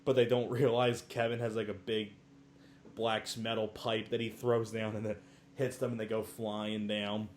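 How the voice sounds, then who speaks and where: A man's voice: fairly low pitch, flat delivery, moderate pace, a little hiss or hum. A man giving a casual movie review, chatty, laughing often and acting out quotes from the film.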